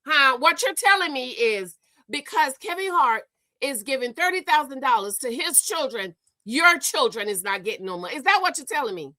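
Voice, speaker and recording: A woman's voice: high voice, lively intonation, normal speed, pushed and bright, no echo. A woman hosting a gossip commentary show, exasperated and scolding, stammering and repeating herself as she rants. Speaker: host.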